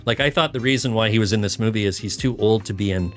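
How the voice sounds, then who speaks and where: A man's voice: fairly low pitch, fast talker. A man as a podcast guest, giving a wry, blunt take on a film and swearing casually.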